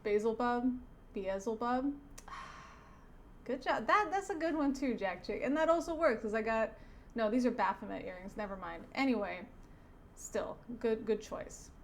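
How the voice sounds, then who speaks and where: Wry, rambling woman with a high voice. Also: moderate pace, a little hiss or hum. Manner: digressive, self-correcting, trails off softly; wry, amused asides. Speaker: teacher reviewing a comic on her channel. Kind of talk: casual commentary reading a comic aloud.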